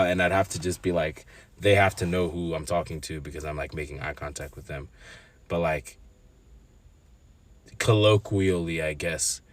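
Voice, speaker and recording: Podcast host, man in his twenties, very low voice, hesitant and candid delivery with lots of pauses. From Zimbabwean family. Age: 20s. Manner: hesitant, many ums and restarts, candid. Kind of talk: reflective solo podcast talk.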